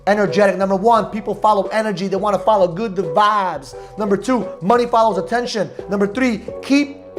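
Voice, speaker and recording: A man hosting a motivational podcast, talking in a loud, emphatic, preachy way about energy and confidence. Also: sits high, fairly quick, music in the background. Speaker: podcast host.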